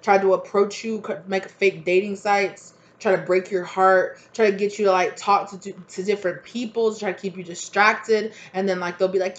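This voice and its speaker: A woman's voice: lowish voice, steady tone, brisk, lo-fi sound, a little hiss or hum. A woman doing a casual tarot reading for her channel, chatty and blunt and full of fillers. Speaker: tarot reader.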